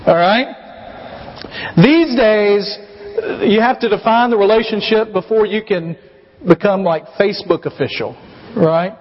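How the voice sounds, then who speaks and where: A man preaching a sermon as pastor, telling the story in an animated way and acting out voices. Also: high-pitched, unhurried, pauses often. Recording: muffled recording with long hall reverb.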